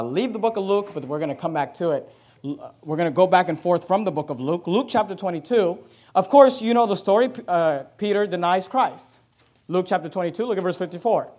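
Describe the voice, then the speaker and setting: Male preacher, high voice, lively delivery, acts out the scripture dialogue. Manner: animated, acts out quoted dialogue with rising intensity; reads scripture in King James wording. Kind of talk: sermon.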